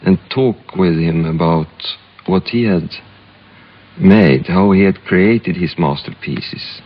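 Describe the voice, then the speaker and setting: A man from Sweden, a film director being interviewed, speaking English with a Swedish accent and pausing often to find his words. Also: deep voice. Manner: halting, searching for English words. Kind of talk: reflective interview storytelling. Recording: dull lo-fi archival recording.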